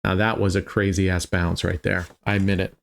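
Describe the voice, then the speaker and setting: A tired, yawning roulette streamer speaks in a low, gravelly, flat voice at a brisk pace. He casually walks through his betting strategies, thinking aloud with many small restarts.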